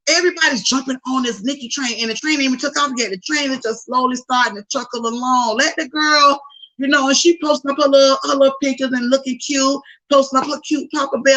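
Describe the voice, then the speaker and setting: Woman podcast host with a bright, forward voice, gossiping casually and talking straight to her listeners. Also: high-pitched, poor audio. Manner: animated, chatty, slangy asides to listeners. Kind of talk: casual celebrity gossip chat.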